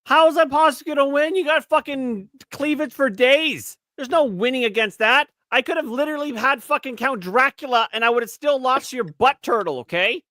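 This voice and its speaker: A man's voice: very high voice, fairly quick, few pauses, bright, forceful tone, dry recording, clean studio sound. A man co-hosting a podcast in casual banter, crude and teasing, often slipping into mocking voices. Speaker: podcast co-host.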